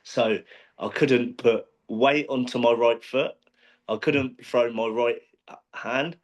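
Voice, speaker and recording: A professional boxer being interviewed, talking casually with many restarts and fillers. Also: male voice, medium pitch, steady tone, slow pace. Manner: rambling, frequent restarts and fillers.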